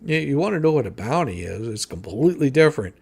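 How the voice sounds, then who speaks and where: A man's voice: mid-range voice, big pitch swings, fast talker, vocal fry, a little mellow, slightly rough. A man hosting a live stream, reading a legal filing aloud and answering each point with profane, sarcastic mockery. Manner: mocking, profane, sarcastic rebuttals.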